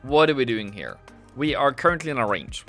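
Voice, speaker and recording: A man's voice: mid-range voice, big pitch swings, a little fast, a bit bright, faint music behind. A man hosting a live trading stream, chatting casually as he goes over charts, asks and answers his own questions, and teases viewers in the chat. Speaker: livestream trading host. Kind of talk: casual livestream market commentary.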